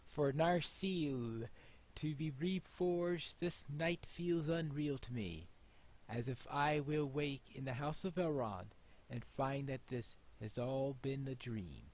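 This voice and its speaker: A man voicing a grave, noble ranger lord, reading game dialogue aloud in a slow, lowered, measured voice. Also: a little mellow. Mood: solemn.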